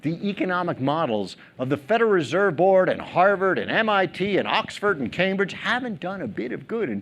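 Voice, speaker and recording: Middle-aged male keynote speaker, high and very lively, humorous, plays to the audience. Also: slight background noise. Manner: animated, humorous, asks the audience questions. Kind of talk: conference keynote talk. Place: large theater stage.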